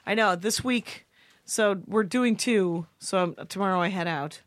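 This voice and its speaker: A woman's voice: mid-range voice, a little slow, no room sound. A woman comedian co-hosting a podcast, chatting in a wry, casual way and laughing often. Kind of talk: casual chat.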